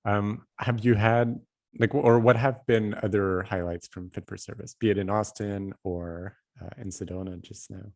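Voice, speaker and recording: A man with a very deep voice hosting a conversational podcast. He listens closely, speaks calmly, and often uses soft fillers as he gathers his thoughts. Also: normal speed. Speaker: podcast host. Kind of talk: conversational interview.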